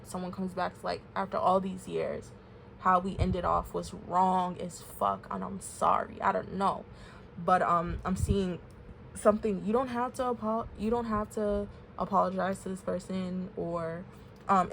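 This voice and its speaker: A woman tarot reader speaks in a casual, confiding way, full of fillers and asides. Her mid-pitched voice has a gravelly fry to it. A faint noise sits under the recording. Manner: candid, emotional, chatty with fillers. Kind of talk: casual spoken tarot reading.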